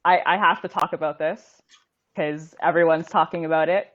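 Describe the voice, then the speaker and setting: A woman's voice: low-pitched, steady tone, normal speed. A woman co-hosting a casual chat show, chatty and upbeat, introducing topics for viewers. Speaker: podcast co-host. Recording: muffled lo-fi audio.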